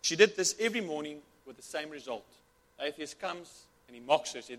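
A man's voice: on the high side, lively intonation, brisk, a bit bright. A man preaching a sermon with fervent, repetitive delivery, often restarting his words. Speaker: pastor.

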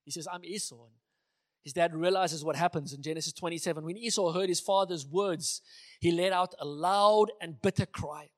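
A man's voice: a little high, normal speed. A man giving a conversational sermon who sometimes acts out the dialogue he retells. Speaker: preacher.

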